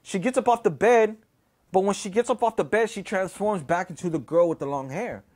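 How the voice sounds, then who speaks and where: A man's voice: high voice, brisk, darkish tone. A man from Houston, telling a personal story in a casual, profane, rambling way, full of "you know" and "right?". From Houston, Texas.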